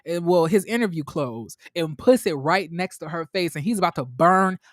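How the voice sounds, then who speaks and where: A man hosting a casual TV recap vlog, retelling scenes in an animated, gossipy way and acting out quotes. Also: fairly high pitch, moderate pace, no room sound, studio quality. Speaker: TV review host.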